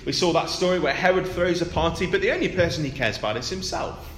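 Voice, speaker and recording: A man's voice: fairly high pitch, fast talker, reverberant, big-room sound, slight background noise. A man preaching a sermon in a conversational way, with rhetorical tag questions and emphatic repetition.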